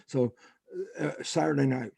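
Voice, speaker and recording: A man's voice: medium pitch, measured pace, gravelly, slightly rough, no echo, clean studio sound. An older man, a scientist guest in a podcast interview, telling stories and acting out the lines of people in them. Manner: animated storyteller, acts out quotes.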